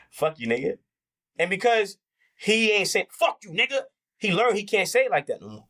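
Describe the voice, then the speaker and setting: A man's voice: high voice, animated, a little fast, bright, forceful tone. A man talking as an interview guest in a heated, candid conversation, impassioned and profane, acting out the voices he quotes.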